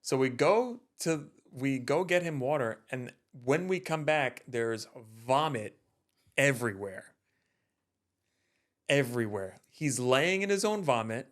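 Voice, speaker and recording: A man's voice: mid-range voice, measured pace. Man telling a story with a laugh. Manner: animated, laughing, repeats words as he tells a story. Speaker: podcast co-host. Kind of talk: casual storytelling chat.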